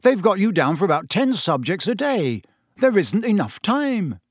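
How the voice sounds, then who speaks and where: A man voicing an excitable, teasing teenage schoolboy in an audiobook, full of incredulous exclamations. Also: high-pitched, normal speed, dry recording, clean studio sound, pitched above the performer's own voice.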